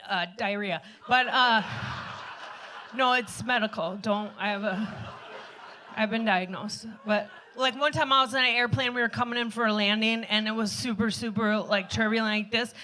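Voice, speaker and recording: A woman's voice: fairly high pitch, pushed and bright. A woman telling a rambling, self-deprecating comic story on stage at a live show. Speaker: storyteller performer.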